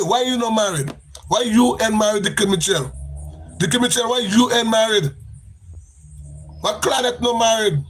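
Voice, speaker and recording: A man's voice: high-pitched, fairly bright tone, husky. A man with a Grenadian accent ranting on a live stream, fiery and accusatory, repeating his phrases for emphasis.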